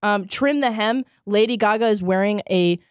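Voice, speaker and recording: A woman's voice: mid-range voice, moderate pace, clear, resonant tone, no room sound, clean studio sound. A young woman co-hosting a casual podcast, chatting and giggling as she recaps jokes. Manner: giggly, quotes lines in put-on voices. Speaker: podcast co-host. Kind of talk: casual chat.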